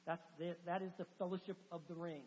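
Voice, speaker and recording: A male pastor with a high, light voice delivers a sermon, slipping into lively storytelling with chatty asides. His voice rings through a church sanctuary with a long reverb tail. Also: fast talker. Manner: animated storytelling, conversational asides.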